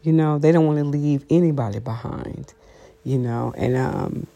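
A woman's voice: very deep voice, normal speed, gravelly, mellow. A woman vlogger giving a blunt, sassy opinion monologue to camera, chatting casually from home with lots of "you know"s. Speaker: vlogger hosting her own talk show. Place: at home, seated with coffee.

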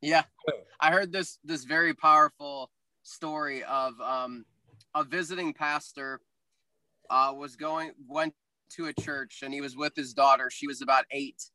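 Male co-host, casual storyteller, higher bright voice. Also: steady tone, unhurried, no room sound, low-quality recording. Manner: casual storyteller, agreeable, chuckles. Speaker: co-host of a church podcast. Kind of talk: casual church podcast chat.

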